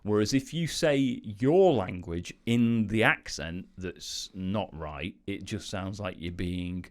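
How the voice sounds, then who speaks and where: A man's voice: on the low side, takes it slowly. A man co-hosting a podcast in casual banter, giggly and sweary. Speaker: podcast co-host.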